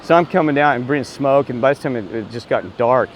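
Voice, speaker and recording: A man rambles through a casual vlog in an excitable, wandering way. He keeps circling back to exclamations of disbelief. His voice sits at an ordinary middle pitch, with faint traffic noise outdoors behind him. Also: fast. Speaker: self-described street minister.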